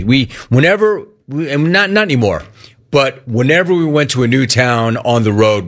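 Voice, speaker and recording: A man hosting a call-in talk show, telling stories in a casual, slangy way. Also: mid-range voice. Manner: animated storytelling, slangy. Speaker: radio show host. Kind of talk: casual sports talk radio.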